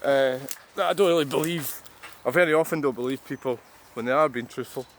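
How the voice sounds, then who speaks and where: A man's voice: medium pitch, a little fast, a little hiss or hum. Rambling older Scottish man musing outdoors. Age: 60s. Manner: musing, meandering, wry self-mocking asides. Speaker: vlogger. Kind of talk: rambling, reflective monologue.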